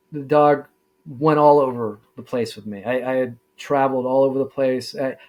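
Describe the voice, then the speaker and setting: A middle-aged man, a former deputy sheriff, telling his story in a casual interview, halting with many fillers and restarts. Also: mid-range voice, a little mellow.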